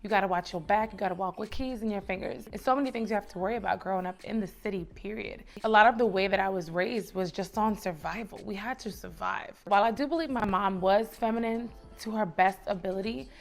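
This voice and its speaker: A woman's voice: mid-range voice, fast, hardly any pauses. A young woman from the Bronx, giving chatty, encouraging advice straight to camera and calling her viewers baby and sis. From the Bronx, New York. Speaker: lifestyle vlogger. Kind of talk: casual direct-to-camera advice.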